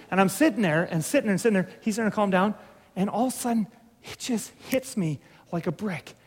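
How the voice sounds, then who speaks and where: A man's voice: sits high, lively intonation, fast talker. A middle-aged man preaching a sermon, telling a story in a conversational, humorous way with many restarts. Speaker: pastor. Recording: reverberant hall.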